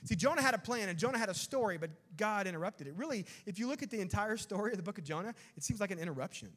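A male pastor preaching a sermon, animated and dropping to quiet emphasis on key words. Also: high-pitched, racing. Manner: animated, acts out quotes, drops to quiet emphasis.

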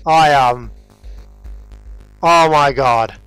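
Animated man narrating gameplay. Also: on the high side, moderate pace, no room sound, faint music behind. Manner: frustrated, talks to himself and viewers. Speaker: gaming video host. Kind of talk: let's play commentary.

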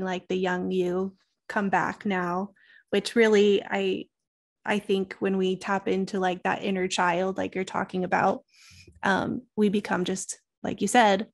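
Podcast host: woman, mid-pitched voice, affirming, gentle reflective follow-ups. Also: gravelly. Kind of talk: warm conversational interview.

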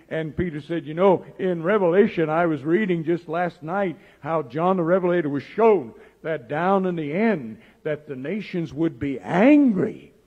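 A male pastor preaching a sermon as a story, acting out the lines of its characters in his own voice. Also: fairly high pitch. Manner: acts out dialogue in plain voice, animated. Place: church sanctuary. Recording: dull old church audio with long reverb.

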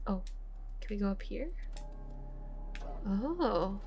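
A young woman hosting a let's play, excitable and gasping, cooing over the game's cat. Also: medium pitch, slow pace, soft background music. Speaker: gaming channel host. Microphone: desk condenser microphone.

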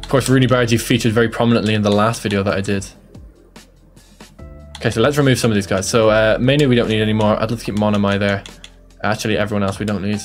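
A man's voice: lowish voice, fairly even intonation, fast, soft background music. Chatty Irish man streaming a game. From Ireland. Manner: chatty, jokey and self-deprecating. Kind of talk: casual live gaming commentary.

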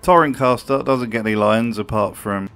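A man's voice: medium pitch, moderate pace, music in the background. A man hosts a commentary video in voice-over. His tone is wry and sardonic. He swears freely and in an offhand way. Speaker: video host.

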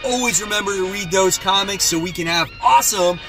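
A man's voice: high-pitched, fairly quick, over music. A man hosting a casual comic haul video, laid-back and blunt, often tacking "man" onto his sentences. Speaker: comic book channel host.

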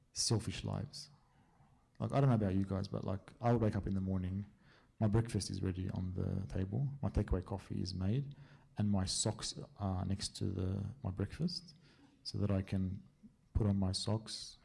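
A low, gravelly male priest with a husky, mellow tone. He answers a church group's questions casually, spinning stories and often pausing to check his listeners are with him. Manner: chatty storyteller, often checks in with a quick "yeah?".

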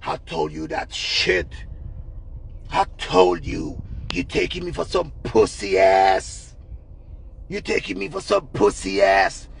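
A man voicing a jealous, angry boyfriend, snarling slow threats in a deep voice. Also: big pitch swings, vocal fry, slight background noise, exaggerated voice. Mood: scolding.

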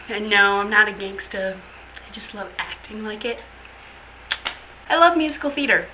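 A woman's voice: medium pitch, animated, moderate pace, long pauses, a little hiss or hum. A teenage woman talking casually to her webcam, hyper, giggly and silly, on muffled lo-fi audio. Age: late teens.

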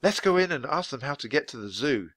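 A man's voice: medium pitch, expressive, a little fast, fairly bright tone, slightly rough, no room sound, pitched above the performer's own voice. A man voicing a bold, eager young girl in a children's book reading, with an upbeat, chirpy manner.

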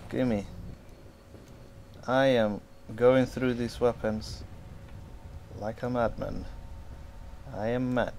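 A man casually commenting on his gameplay, swearing and excitedly talking back to the characters on screen. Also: medium pitch, very slow, vocal fry, long pauses, background noise. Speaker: gamer playing through a game. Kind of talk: casual let's-play commentary.

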